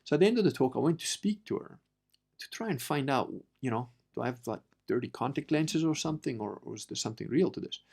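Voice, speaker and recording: A man's voice: mid-range voice, fast, gravelly. Profane storytelling man from Italy. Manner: profane, animated, swings from quiet to loud as he tells the tale. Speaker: podcast host. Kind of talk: casual storytelling monologue.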